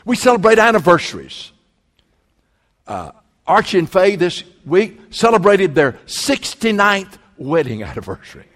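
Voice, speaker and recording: A pastor delivers an emphatic sermon, his slightly high voice swinging widely in pitch. He mixes folksy asides with earnest preaching. A long reverb from the church hall trails each phrase. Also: very animated, a little slow, fairly bright tone. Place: church sanctuary.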